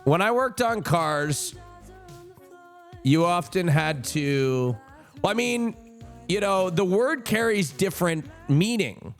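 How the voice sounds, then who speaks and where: A young man streaming, telling a rambling casual story with sudden high joking outbursts. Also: expressive, slow, pauses often, soft background music.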